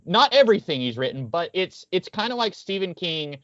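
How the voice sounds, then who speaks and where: A man's voice: high-pitched, very animated, fairly quick, a bit bright, no echo. A man co-hosting a casual podcast, chatty and wry, rambling through his points. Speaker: podcast co-host. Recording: dull, dry lo-fi audio.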